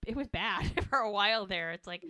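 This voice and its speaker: A woman co-host talks through the episode in easy, chatty fashion. She slips into quick impressions of the characters as she retells each scene. The sound is dry and close. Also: medium pitch, lively intonation, sharp tone, no room sound. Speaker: podcast co-host. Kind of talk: casual recap chat.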